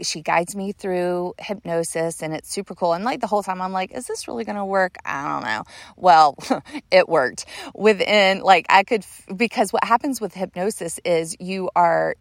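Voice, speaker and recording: A woman's voice: lowish voice, no echo. A woman podcast host telling a personal story in a casual, earnest, rambling way, leaning on filler words.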